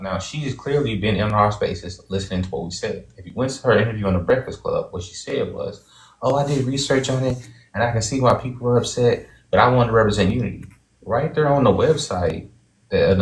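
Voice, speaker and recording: A man's voice: fairly low pitch, roomy sound, poor audio. A man calling into a talk show, emphatic and cautionary in his commentary. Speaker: caller.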